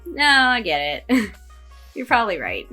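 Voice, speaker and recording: A woman co-hosting a casual anime podcast, making dry, wry remarks in relaxed talk. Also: on the high side, a little slow, faint music behind. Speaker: podcast co-host. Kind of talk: casual chat.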